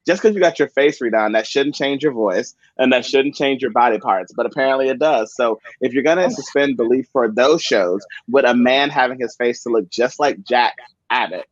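A man of middle pitch talks through a slightly muffled, dry microphone. He chats casually and with emphasis, piling one point onto the next in quick bursts. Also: no echo. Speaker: podcast co-host. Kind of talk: casual chat about soap operas.

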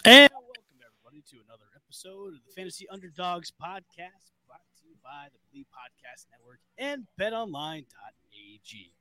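A young man hosting a sports podcast in casual, joking chat with quick bursts of energy. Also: fairly high pitch, sing-song, fairly bright tone. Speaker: podcast host.

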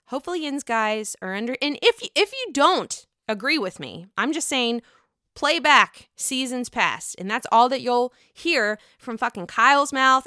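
Bright-voiced gossipy woman recapping reality TV. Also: on the high side, animated, moderate pace, clean tone, no room sound, clean studio sound. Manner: gossipy, blunt, swears freely. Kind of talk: casual recap chat.

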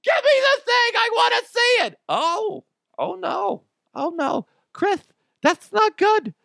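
Man doing a shrieking, fussing mother, loud and high, dry booth sound. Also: animated, takes it slowly, creaky, dry recording, heavily acted. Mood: frantic. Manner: high, frantic, squealing. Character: shrieking excited middle-aged mother, fussing.

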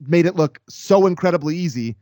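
A man's voice: on the high side, lively intonation, fairly quick, a little mellow, no echo, studio quality. A man co-hosting a sports podcast, talking in an emphatic, sarcastic, exasperated way in casual chat.

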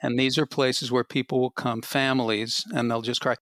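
A man's voice: mid-range voice, level tone, normal speed, fairly bright tone, no echo. A man co-hosting a podcast in casual chat, introducing a guest in an easygoing, joking way. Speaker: podcast co-host.

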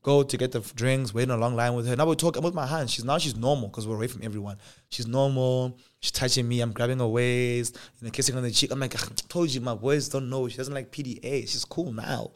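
Animated young South African man storytelling. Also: mid-range voice, quick pace. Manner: animated, acts out dialogue in different voices. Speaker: podcast host. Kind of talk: casual storytelling.

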